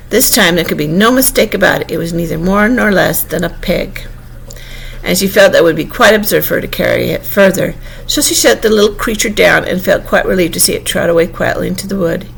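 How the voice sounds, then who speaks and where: A woman reading a classic children's story aloud at an unhurried pace, now and then correcting a slip. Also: lowish voice, vocal fry, fairly bright tone, slight background noise, poor audio. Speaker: narrator.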